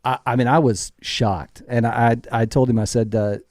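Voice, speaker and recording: A man's voice: mid-range voice, moderate pace, no echo. Man telling a story, dry sound. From Texas. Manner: animated storyteller who acts out dialogue. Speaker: guest musician. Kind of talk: casual storytelling interview.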